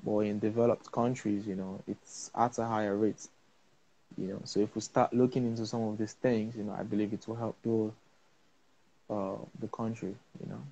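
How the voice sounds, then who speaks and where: A man hosting a casual live-stream interview, playful and lively, often repeating words. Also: lowish voice, moderate pace, lo-fi sound. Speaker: interview host.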